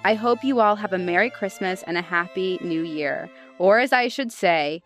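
A woman's voice: fairly low pitch, moderate pace, faint music behind. A woman reading a letter aloud in a wry, amused way.

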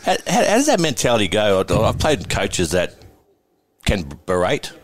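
A man hosting a podcast who asks quick questions in a casual interview. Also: fairly low pitch, huge pitch swings. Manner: quick prompting questions, frequent backchannel. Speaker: podcast host.

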